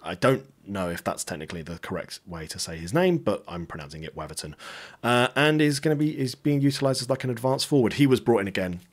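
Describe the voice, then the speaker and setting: A man talking through his football management save in a casual, upbeat way, throwing in jokey asides as he goes. His voice sits fairly low and moves a lot, bouncing up and down in pitch. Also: expressive, fast talker. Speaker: gaming YouTuber. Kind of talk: casual game commentary.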